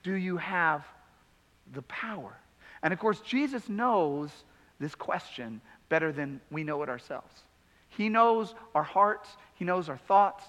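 Male pastor, thirties, high bright voice, preaching with hushed and emphatic swings, in a reverberant hall. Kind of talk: sermon.

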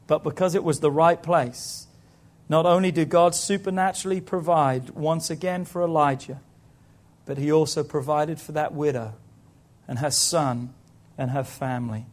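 A man delivers a sermon as pastor, his voice sitting high for a man. He keeps checking in with the congregation and acts out the people in his stories. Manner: preaching with call-outs to the congregation.

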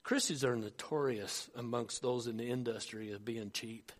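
A man's voice: medium pitch, normal speed. A man preaching a Sunday sermon, retelling a film speech with frequent restarts and rising fervor. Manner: storytelling with repeated restarts, rising to fervor when quoting. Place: church.

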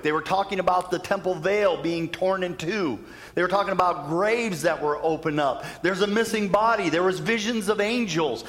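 A male pastor, a little high-voiced, delivers an animated storytelling sermon. He speeds up and slows down for emphasis while a long church reverb hangs on his words.

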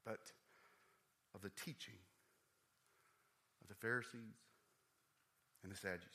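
A male pastor delivers a sermon in a bright, sharp-edged voice. He talks conversationally with fillers and asides, swinging from hushed, thoughtful passages to high, animated bursts of enthusiasm. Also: a little slow. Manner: animated, swings from quiet to excited.

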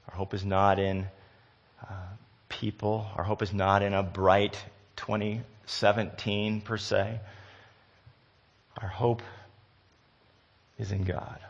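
A middle-aged male pastor preaching a sermon, moving from quiet reflection to loud, emphatic passages. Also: low-pitched, dull audio.

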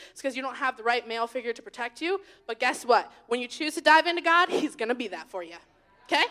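A young woman giving an informal sermon to young people, chatty and animated, swinging between loud and hushed. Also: high-pitched. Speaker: youth leader giving a message.

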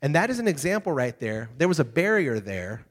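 A young adult man preaching a casual youth sermon, telling stories with lively, conversational check-ins to his listeners. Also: fairly high pitch, brisk. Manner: conversational, animated storytelling with frequent "okay?" check-ins. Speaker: youth pastor. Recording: hall reverb.

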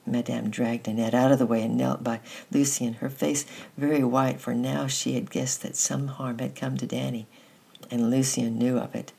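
A storyteller reading a children's story aloud at a steady pace, sometimes restarting a phrase. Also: medium pitch, moderate pace, creaky, breathy edge. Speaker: narrator. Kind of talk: storybook narration.

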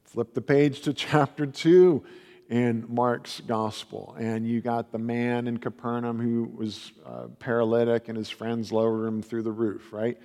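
A man preaching a conversational sermon and retelling stories with animated quoted voices. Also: a little slow. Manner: animated storytelling, raises pitch for quoted voices. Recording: long reverb of a hall.

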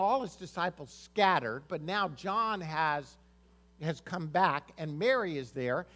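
A man's voice: a little high, fairly bright tone. A man preaching a Sunday sermon as pastor, reading scripture and explaining it in an earnest way, often repeating words as he restarts.

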